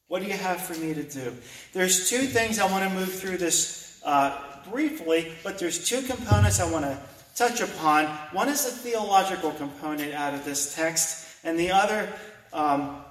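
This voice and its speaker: High-voiced preacher in a roomy hall. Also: male voice. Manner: reads scripture aloud and repeats key phrases slowly. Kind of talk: sermon. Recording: roomy hall, mic at a distance.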